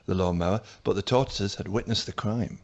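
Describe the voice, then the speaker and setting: A man's voice: lowish voice, fairly quick, highs cut off. A man guesting on a radio show, telling rambling stories with lots of hesitation. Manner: rambling, hesitant storytelling with fillers. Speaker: comedian guest. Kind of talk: casual radio chat.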